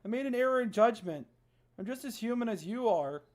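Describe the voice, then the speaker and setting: A streamer reading aloud the lines of a calm, wise young woman from a story game, in a soft, measured voice. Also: medium pitch, close to an everyday voice.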